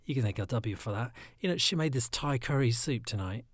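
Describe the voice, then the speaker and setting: A man with a raspy, phlegmy throat, talking in a soft, often half-whispered, rambling casual monologue. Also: mid-range voice, lively intonation, fairly quick, no room sound, clean studio sound.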